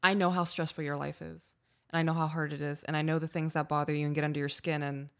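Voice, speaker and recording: A woman in her thirties talks with a low voice in a casual podcast chat. She is heartfelt and openly emotional, close to tears, and swears freely as she speaks. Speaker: podcast co-host.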